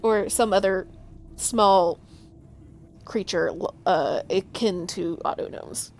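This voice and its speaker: A woman's voice: medium pitch, takes it slowly, darkish tone, a little hiss or hum. A woman narrating as game master of a tabletop game, with many fillers and restarts. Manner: hesitant, filler-heavy narration.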